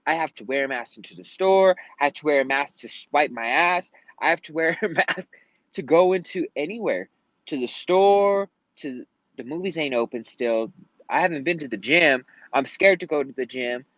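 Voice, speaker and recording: Frustrated rambling man, slightly high voice. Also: normal speed, a bit bright, no room sound. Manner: frustrated, rambling, swears often. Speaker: vlogger. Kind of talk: casual rant to camera. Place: at home in Colorado. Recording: dull lo-fi sound.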